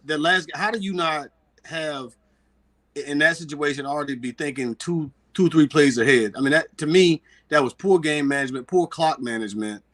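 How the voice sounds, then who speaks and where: A man on a sports talk panel over a video call, breaking down the game in a measured, analytical way. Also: on the high side, a bit bright.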